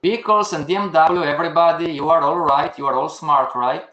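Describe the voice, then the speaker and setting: A man's voice: on the high side, fairly quick, bright, forceful tone, muffled recording. An older man teaching a live online class, firing questions at the students and answering them himself. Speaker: trading instructor. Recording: echoey room.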